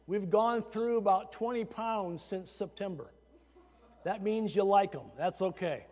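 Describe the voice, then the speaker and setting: A man preaching a sermon as pastor, animated and chatty with laughing asides, at times rising to shouts. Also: high voice, measured pace. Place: church sanctuary. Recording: long hall reverb.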